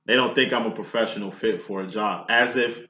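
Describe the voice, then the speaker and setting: A man's voice: lowish voice, fairly quick, pushed and bright. A man giving a casual tarot reading, talking in a blunt, profane, preachy way. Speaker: tarot reader. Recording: echoey room, dull lo-fi sound.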